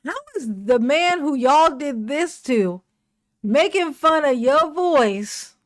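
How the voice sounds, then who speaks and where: A woman's voice: sits high, animated, slow. A woman hosting a reaction video, giving casual, blunt and sarcastic commentary with plenty of swearing. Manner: blunt, emphatic, profane and sarcastic.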